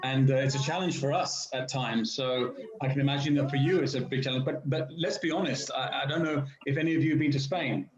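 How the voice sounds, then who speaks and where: A man with a standard southern British accent, chatting slowly and carefully with language learners, with frequent restarts. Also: medium pitch, fairly even intonation. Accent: standard southern British English. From England. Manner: speaks slowly and deliberately with many restarts. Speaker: guest speaker in a language-learning video call. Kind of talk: casual conversation. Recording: roomy, muffled video call audio.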